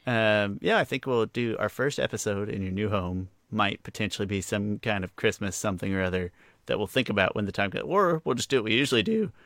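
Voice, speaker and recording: Man, podcast co-host, jokey, casual chat, gravelly, low. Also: fairly quick, fairly bright tone, no room sound, studio quality. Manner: jokey, playful, laughs often.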